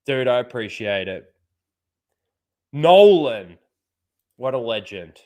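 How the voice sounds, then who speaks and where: A man's voice: medium pitch, sing-song, takes it slowly, darkish tone. A man hosting a casual livestream, swearing freely and chuckling often. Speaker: livestream host.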